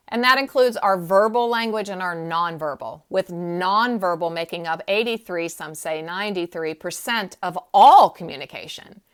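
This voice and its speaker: A woman's voice: fairly low pitch, fairly bright tone, clear, resonant tone. A woman coach talking through emotional health in an earnest, emphatic way, her voice jumping up on key points. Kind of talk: casual teaching talk.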